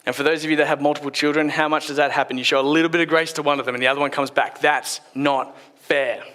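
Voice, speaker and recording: A man giving a short church sermon, retelling a story and dropping his voice softly at key points. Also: fairly high pitch, level tone, rapid-fire. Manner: retells the story with acted quotes, drops softer at key points. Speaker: preacher.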